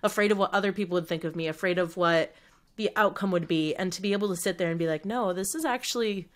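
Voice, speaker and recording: A woman's voice: lowish voice, quick pace. A young woman co-hosting a podcast, chatting casually about her year, with frequent laughs and lots of fillers. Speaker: podcast co-host. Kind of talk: casual chat.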